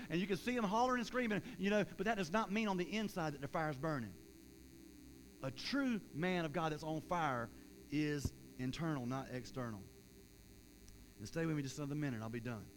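A man preaching a sermon as pastor in a church, rising loud in acted-out prayers and dropping soft for an altar call and prayer. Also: high voice, brisk, a little hiss or hum, rough recording. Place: church sanctuary.

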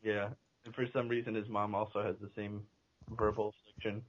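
A man's voice: lowish voice, level tone, fairly quick, dull audio. A man co-hosting a casual podcast chat, laughing often as he retells scenes. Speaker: podcast co-host.

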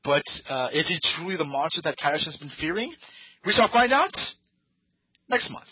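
Husky guy rambling through an episode recap on his podcast, dry lo-fi sound. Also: fairly high pitch, sing-song, normal speed, dry recording. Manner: rambling, hesitant storytelling acting out the scenes. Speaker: podcast host. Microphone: podcast microphone.

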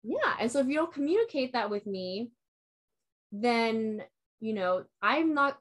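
A woman's voice: on the high side, very animated, measured pace. A young woman in casual chat, telling a long personal story in a rambling way, filling it with "like" and quoting herself and others.

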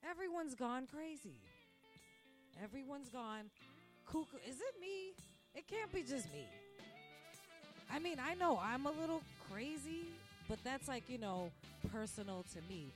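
Animated rambling woman podcaster. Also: high voice, unhurried. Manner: animated and rambling, acts out quoted voices, laughs often. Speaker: podcast host. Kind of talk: casual ranting monologue. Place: restaurant where she works. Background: faint music.

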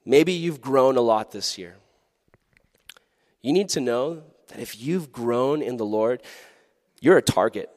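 A man giving a youth sermon in a lively, animated way, acting out quoted voices. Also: mid-range voice, takes it slowly, long pauses. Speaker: youth pastor. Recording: long hall reverb.

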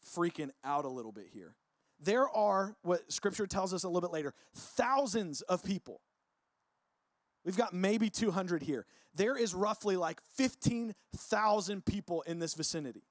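A man preaching a casual, conversational sermon, relaxed and full of filler words. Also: high-pitched, no echo. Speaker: pastor. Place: church service.

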